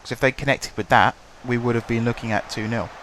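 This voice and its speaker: Hoarse guy calling a football sim. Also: medium pitch, fairly even intonation, quick pace, a bit bright, slight background noise. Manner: chatty, wry, calls the match play by play. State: hoarse from shouting. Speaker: gaming channel host. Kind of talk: casual let's-play commentary.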